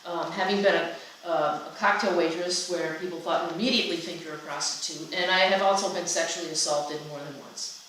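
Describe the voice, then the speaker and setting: A woman presenting a workshop in a chatty, animated way, often restarting her sentences. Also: fairly low pitch, a little fast. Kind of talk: conversational seminar talk. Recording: echoey room from a distance with faint noise.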